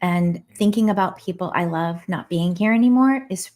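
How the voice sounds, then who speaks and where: A woman's voice: fairly low pitch, moderate pace, a little mellow. A woman in her forties hosting a casual livestream from home, chatting in a heartfelt way and answering viewer comments. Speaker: livestream host. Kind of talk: casual live-stream chat.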